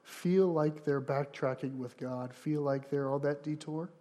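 A man preaching a sermon as pastor, earnest and repeating phrases for emphasis, rising to louder passages and falling quiet for prayer. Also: fairly high pitch, unhurried.

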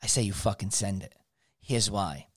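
A man's voice: lowish voice, moderate pace, slightly rough, no echo, clean studio sound, pitched below the performer's own voice. A man putting on the voice of a boastful, profane male president laying out a scheme. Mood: scheming.

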